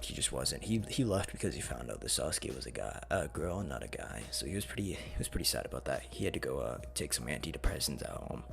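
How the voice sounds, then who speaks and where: A man's voice: a bass voice, sing-song, fast talker, creaky, hardly any pauses. A man casually narrating a fan what-if story in a profane, rambling, slangy way. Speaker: channel host.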